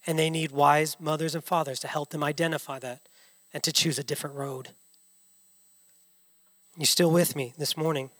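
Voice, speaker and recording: A man preaching with a high, ringing, bright voice, firing rhetorical questions at his congregation. His sermon carries long reverb from a church hall. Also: a little fast. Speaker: pastor.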